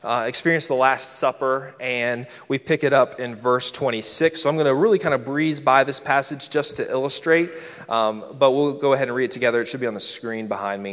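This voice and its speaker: A man's voice: mid-range voice, steady tone, brisk, a bit bright. A man preaching a sermon in a church, teaching in a casual, conversational way. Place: church hall with a screen. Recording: long reverb of a large hall.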